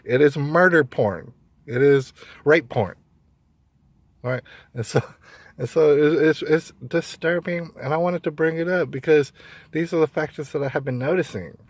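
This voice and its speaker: A man's voice: on the high side, moderate pace, dry recording. A man talking straight to camera in an opinionated monologue, emphatic, often repeating points and restarting sentences. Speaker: vlogger.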